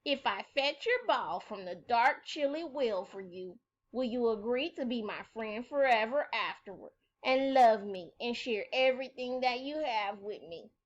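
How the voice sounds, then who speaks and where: Lady putting on a shy scratchy lil frog voice, soft and slow, storybook style. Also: a little high, lively intonation, muffled recording. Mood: timid. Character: timid lonely male frog, small and icky.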